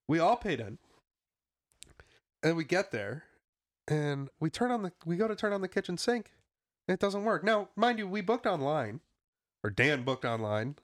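A man telling a story in a casual podcast chat, animated and profane, often laughing as he talks. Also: fairly high pitch, normal speed, pauses often. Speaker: podcast co-host.

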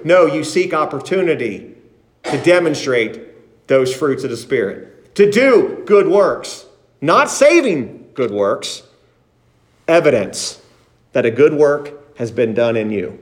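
Male pastor, slightly high voice, emphatic sermon delivery with scripture reading. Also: animated, a little slow. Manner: emphatic preaching, reads scripture aloud, repeats for emphasis.

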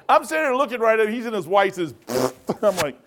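High-voiced animated man teaching Bible study. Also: moderate pace. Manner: animated, laughs often, digresses, raises voice in bursts. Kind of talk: rambling sermon-style storytelling.

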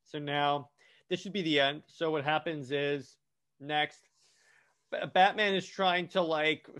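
Guy retelling a comic plot, kinda high voice, keeps restarting his sentences. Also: steady tone, a little slow, a bit bright, clear, resonant tone. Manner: rambling, many restarts and false starts. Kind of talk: casual comic plot recap.

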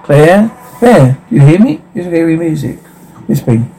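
A man reading a film's captions and dialogue aloud in a flat, halting way, with restarts. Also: fairly high pitch, vocal fry, breathy edge, rough recording.

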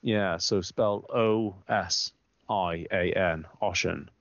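A man with a low, gravelly voice chats loosely on a podcast, rambling through stories full of swearing. He jumps into other people's lines with a raised voice. The recording sounds dull and dry. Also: slow pace, no echo. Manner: rambling storyteller, animated, quoting others in raised voice. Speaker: podcast co-host. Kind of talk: casual banter, swearing.

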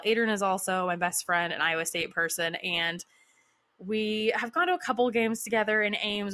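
This is a casual storytelling monologue from a woman in her thirties whose voice sits in the middle range with a sharp edge. Her delivery is chatty and full of fillers, broken up by frequent laughter.

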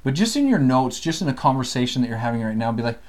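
Animated man teaching scripture casually. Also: medium pitch, fast. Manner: animated, playful, laughs often. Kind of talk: casual scripture study chat.

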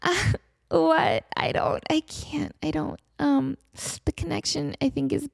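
A woman's voice: high voice, steady tone, slow, vocal fry, no room sound, clean studio sound, voice pushed up, heavily acted. A woman imitating a flustered young woman on a speakerphone who stammers in confusion. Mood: confused.

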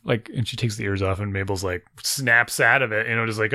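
A man co-hosting a casual podcast, telling stories in a joking, animated way. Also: medium pitch, brisk, hardly any pauses, dry recording, studio quality. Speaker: podcast co-host. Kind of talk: casual chat.

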